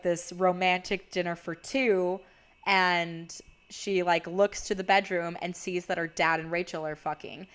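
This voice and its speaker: Chatty young woman recapping a film. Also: fairly low pitch. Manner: chatty, heavy use of "like". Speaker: video creator. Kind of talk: casual movie recap.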